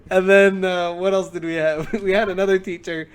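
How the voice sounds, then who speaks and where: Young male podcast co-host, rambling anecdotes, acts out quotes, slightly high voice. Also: measured pace, a crowd in the background. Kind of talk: casual storytelling.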